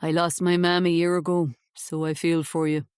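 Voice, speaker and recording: A woman voicing a kind young male police officer, soft-spoken and sympathetic, in an audiobook reading. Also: on the low side, little pitch movement, moderate pace, clear, resonant tone, no echo, pitched below the performer's own voice, lightly acted. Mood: gentle. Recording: dry close studio sound.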